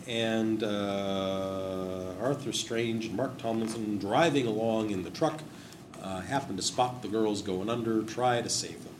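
A man casually explaining old stories in a rambling, digressive and wry way. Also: fairly low pitch. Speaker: host discussing memorial plaques. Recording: roomy echo with background noise.

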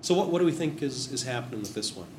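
A man's voice: medium pitch, lively intonation, fast. A man casually explaining old stories in a rambling, digressive and wry way. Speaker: host discussing memorial plaques. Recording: roomy echo with background noise.

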